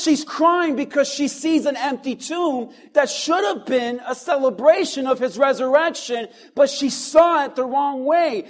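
A man with a very high voice preaches a sermon to his church. He stacks up rhetorical questions and leans on dramatic pauses, dropping low and quiet, then rising again. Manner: strings of rhetorical questions, dramatic pauses, swings between hushed and loud. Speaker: pastor.

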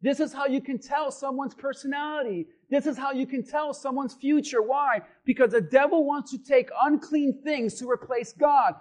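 A man preaching a sermon as pastor, building to shouted emphasis. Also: very high voice, moderate pace, hardly any pauses.

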